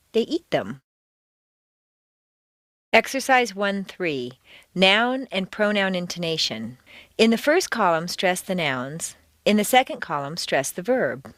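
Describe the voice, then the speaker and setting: A woman with an American accent reading a scripted pronunciation lesson, modeling drills slowly with exaggerated rising and falling pitch. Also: very animated, a bit bright, no room sound, clean studio sound. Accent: General American. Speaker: accent coach.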